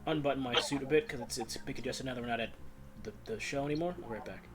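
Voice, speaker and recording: A man narrating a tabletop game as game master, lively and quick. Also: medium pitch.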